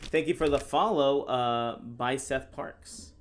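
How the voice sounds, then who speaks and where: A man from the United States commenting live on his own chess games, reading viewer questions aloud and answering in a casual, deadpan sarcastic way. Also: mid-range voice, slow, slight background noise. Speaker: chess streamer and National Master. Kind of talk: live-stream commentary while playing.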